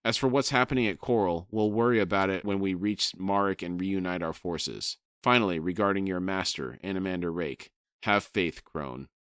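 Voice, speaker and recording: A man voicing a gruff male warlord who speaks in a firm, rumbling way. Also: moderate pace, fairly bright tone, dry recording, studio quality. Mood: stern.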